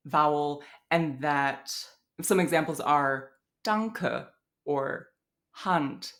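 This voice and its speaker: A woman from Wisconsin with a Midwestern American accent, giving a casual pronunciation lesson, thinking aloud with fillers and demonstrating sounds. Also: low-pitched. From Wisconsin, USA. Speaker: language teacher.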